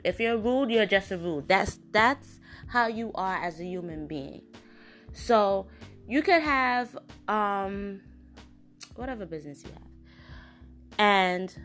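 A woman hosting her own show, giving a casual, frank opinion monologue with an indignant edge and lots of fillers and restarts. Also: mid-range voice. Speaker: podcast host.

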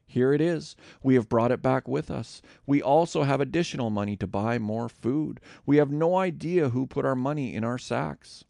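A man's voice: medium pitch, normal speed, creaky, few pauses, mellow, no room sound, clean studio sound, voice pushed up, natural voice. A man reading the lines of a group of frightened brothers in a scripture reading, with an anxious, explaining delivery.

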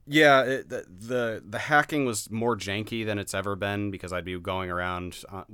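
Low-voiced guy ranting about a buggy game, crisp and dry sound, swears a lot. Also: fairly even intonation, normal speed, bright, forceful tone, no echo. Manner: laughing, blunt, swears freely. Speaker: game reviewer. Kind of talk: casual podcast chat.

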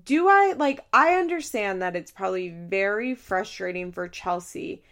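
A woman co-hosting a casual podcast recap, ranting and swearing in exasperation, sometimes mocking people in exaggerated high voices. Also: expressive, normal speed, creaky, fairly bright tone. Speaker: podcast co-host.

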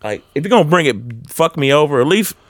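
A young man telling a rowdy story in casual chat, profane and animated, jumping into a high excited voice for quotes. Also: quick pace, dry recording, studio quality.

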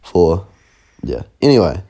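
A young New man co-hosts a podcast while sick, coughing with a sore throat. His voice is low and mellow, and he talks bluntly and casually, swearing as he goes. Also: very animated, a little slow. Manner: blunt, swearing, laid-back. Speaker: podcast co-host.

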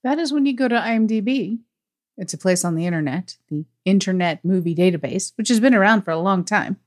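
A woman's voice: medium pitch, animated, brisk. An American woman co-hosting a casual movie review chat, wry and teasing, laughing easily. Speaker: podcast co-host.

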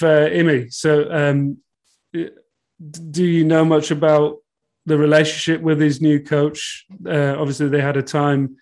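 A man's voice: fairly high pitch, darkish tone. A man hosting a podcast, asking questions playfully with frequent restarts. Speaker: podcast host. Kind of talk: casual interview chat.

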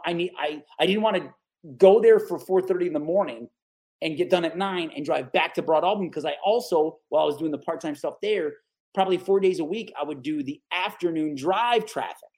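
A man in his forties from the Capital Region of New York, a guest telling stories in a casual, animated interview. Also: a little high. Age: 40s. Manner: animated, lively storyteller who acts out the people he quotes.

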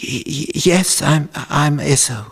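A man voicing a timid young man, Jacob, who stammers nervously in a raised, high-pitched voice. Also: big pitch swings, slow, husky, big-room sound, full character voice. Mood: stammering. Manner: nervous and hesitant.

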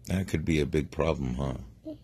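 A middle-aged man improvising a bedtime story for a child, relaxed and meandering, correcting himself as he goes. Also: rumbling low, normal speed, slight background noise. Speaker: parent telling a bedtime story.

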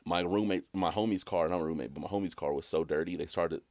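Young man, very low voice, loose sweary storyteller, dry close mic. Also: fast talker, no room sound. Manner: rambling, animated, swears a lot, jumps to a high voice when quoting himself. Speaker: podcast co-host. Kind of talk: casual storytelling chat.

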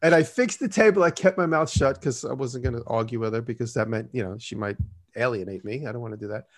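A man's voice: mid-range voice, fast. A man tells stories in a loose, rambling way during an interview. He slips into the quoted lines of the people in his stories as he goes. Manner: rambling, acts out quoted dialogue. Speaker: guest. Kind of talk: casual storytelling.

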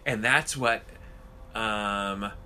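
A man co-hosting a casual podcast chat, ranting and swearing in an animated way. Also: on the low side, very slow, clean tone.

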